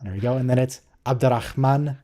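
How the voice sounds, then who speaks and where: An American man with a mellow, medium-pitched voice speaks at a moderate pace. He's hosting a casual live watch-along, playfully teasing a viewer and coaching their pronunciation.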